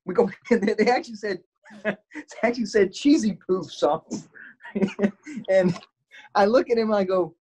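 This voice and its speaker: A man, a podcast guest, telling an anecdote in casual chat, animated and chuckling as he goes. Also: high-pitched, normal speed, pauses often, breathy edge, low-quality recording.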